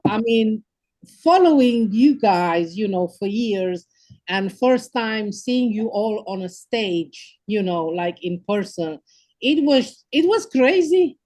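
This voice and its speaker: Woman, Romanian accent, gushing and exclamatory, slow-paced, searching for words. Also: medium pitch, animated, darkish tone. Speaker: conference attendee. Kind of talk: enthusiastic casual testimonial.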